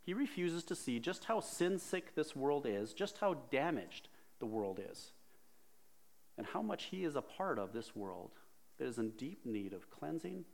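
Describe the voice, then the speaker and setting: In a mid-range voice that is gravelly and darkish, a pastor delivers a conversational sermon, asking the congregation questions along the way.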